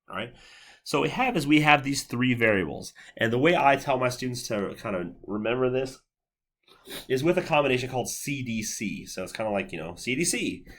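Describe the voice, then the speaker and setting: A man lecturing on psychology in a relaxed, conversational way, walking through examples step by step and checking in with his listeners. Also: lowish voice. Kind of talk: recorded university lecture.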